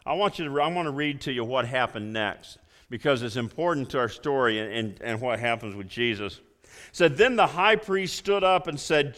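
A man preaching a sermon, emphatic, swinging between loud emphasis and hushed low passages. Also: in a large hall. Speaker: pastor.

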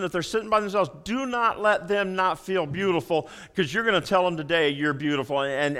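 A man preaching a sermon as pastor in a church, folksy and animated, often repeating and restarting phrases. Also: high voice, smooth. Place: church sanctuary.

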